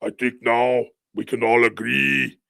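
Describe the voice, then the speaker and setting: A man doing a mocking impression of a smug, menacing world leader who speaks in a slow, gloating way, recorded with a dry sound. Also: medium pitch, steady tone, creaky, bright, forceful tone, dry recording, heavily acted.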